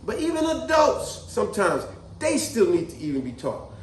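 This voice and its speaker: Animated storytelling man with a lively voice. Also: high voice, normal speed, a little hiss or hum. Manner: animated, acts out voices of people in his stories. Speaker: vlogger telling stories. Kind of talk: casual storytelling. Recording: echoey room.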